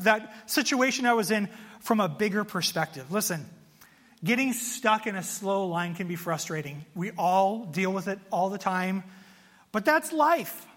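High-voiced, animated pastor in a hall. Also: male voice. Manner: animated, self-mocking storyteller. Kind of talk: sermon with storytelling.

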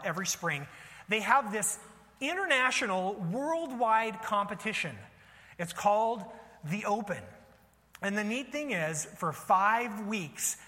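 A man's voice: sits high, pushed and bright, long reverb tail. A man, a pastor, giving a casual sermon with jokes and asides to the congregation.

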